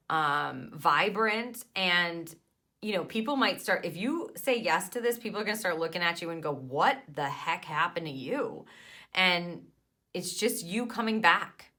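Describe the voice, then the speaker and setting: Bright-voiced woman giving an encouraging tarot reading. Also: fairly low pitch. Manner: encouraging, emphatic, with hesitant fillers. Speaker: tarot card reader.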